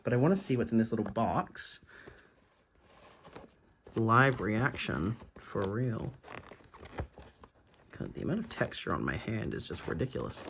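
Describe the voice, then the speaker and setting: A man's voice: on the low side, wildly swooping pitch, fast talker, gravelly, few pauses, background noise. A young man in a casual video diary, gushing over a gift and swearing freely, stumbling as he reads a letter aloud at home. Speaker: vlogger.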